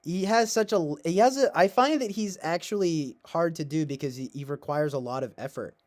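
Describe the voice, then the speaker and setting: A man's voice: fairly high pitch, fairly quick, darkish tone. A man hosting a casual streamed chat, rambling along and often breaking into laughter and swearing. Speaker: host.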